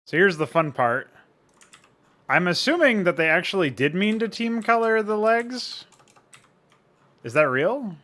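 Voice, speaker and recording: A man's voice: high-pitched, lively intonation, a little slow, long pauses, sharp tone. A young man chatting casually on a live stream, laid-back and joking, swearing now and then and answering chat. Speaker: streamer and game modder.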